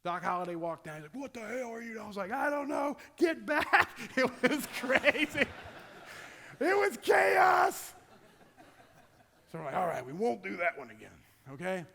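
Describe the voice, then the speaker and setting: A middle-aged man, a football strength coach, giving an energetic conference talk, acting out his players' voices and bursting into shouts. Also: high voice, moderate pace, vocal fry, long pauses. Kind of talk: conference presentation. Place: large conference hall. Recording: long hall reverb.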